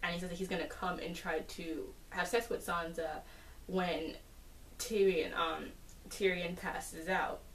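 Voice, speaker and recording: A woman giving a casual, chatty episode recap, full of fillers and animated asides. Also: lowish voice, unhurried, slight background noise. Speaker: TV episode reviewer. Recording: roomy, distant from the mic.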